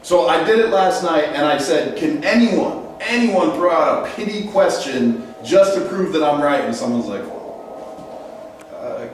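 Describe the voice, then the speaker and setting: A man's voice: on the high side, animated, moderate pace, few pauses. A man hosting a ghost hunt, briefing a live group in a casual, joking, self-mocking way. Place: large echoey stone building indoors. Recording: echoey hall, voice from far off, faint noise.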